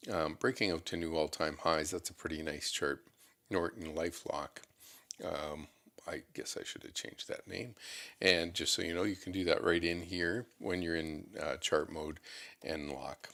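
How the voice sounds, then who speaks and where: A man hosting a market show, giving relaxed, unscripted commentary on stock charts as he thinks aloud. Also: low-pitched, moderate pace, creaky. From Canada. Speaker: market analyst host.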